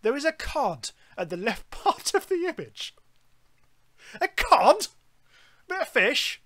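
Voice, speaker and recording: Man doing a pompous art critic, snooty, lofty, high and lively. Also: takes it slowly, exaggerated voice.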